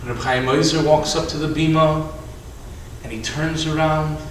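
Man rabbi giving a dramatic sermon story, bright high voice, slow delivery, echoey hall at a distance. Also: fairly even intonation, slight background noise. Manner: dramatic storyteller, acting out voices, swinging from shouts to hushed tones.

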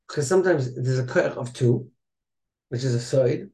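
A man's voice: mid-range voice, moderate pace, warm tone. A man teaching a casual study class. He chants Hebrew passages in Ashkenazi pronunciation, then explains them in English. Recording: echoey room.

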